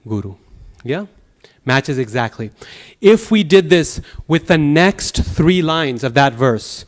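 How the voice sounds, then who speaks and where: A man teaching a Sanskrit class, explaining patiently, checking in with the students and reciting verse slowly in rhythm. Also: fairly high pitch, animated. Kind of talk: classroom lecture. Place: temple classroom.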